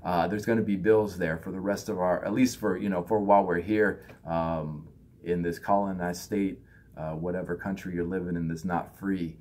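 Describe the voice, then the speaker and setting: Husky low-voiced man giving a spiritual talk. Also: steady tone, normal speed, a little mellow. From United States. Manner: loose, conversational, acts out others in raised voices. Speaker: spiritual teacher.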